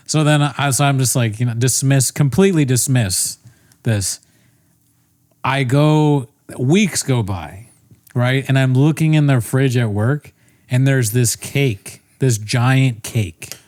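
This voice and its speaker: A young man rambles through a funny story on a casual podcast, swearing freely and laughing at his own blunders. His voice sits at an average pitch and sounds dry and close, with almost no room around it. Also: slow pace, a little mellow, no echo. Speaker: podcast co-host. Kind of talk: casual comedic podcast chat.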